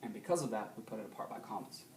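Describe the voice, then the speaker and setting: A male teacher giving a recorded grammar lesson in a classroom, explaining steadily and often checking understanding with a quick question. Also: lowish voice, expressive, reverberant, heavy background noise.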